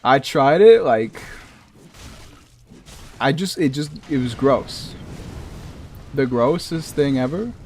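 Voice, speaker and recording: Slow and full of pauses, this man talks casually while streaming a game, his medium-pitched voice a little mellow over soft background music. He has a Massachusetts accent, rambles freely, and chuckles between asides.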